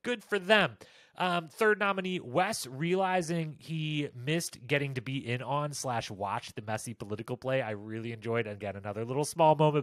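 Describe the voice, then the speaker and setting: A man hosting a casual reality-show recap, talking animatedly and jumping up in pitch when he quotes people. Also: no echo, studio quality. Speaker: recap podcast host. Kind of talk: casual commentary.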